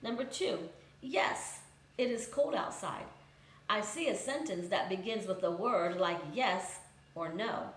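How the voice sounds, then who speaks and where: Woman teacher walking thru grammar examples step by step, average pitch, bit of room echo. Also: expressive, unhurried. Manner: patient, methodical, reads example sentences aloud then explains. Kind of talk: recorded grammar lesson for students.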